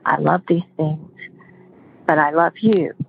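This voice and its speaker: A woman quoting her calm late mother. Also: low-pitched, slow, vocal fry, a little hiss or hum, pitched below the performer's own voice, full character voice. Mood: calm reassurance. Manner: calm, soothing. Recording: phone-like dry audio.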